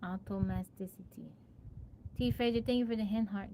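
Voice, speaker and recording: A woman with a twang chats on her live stream in a middle-pitched voice, playful and quick to laugh. She keeps sounding out one tricky word, syllable by syllable. A faint hum sits behind her voice. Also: steady tone, warm tone. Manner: playful, laughs often, thanks viewers by name; sounds out a hard word again and again. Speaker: livestreamer. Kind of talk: casual live-stream chat.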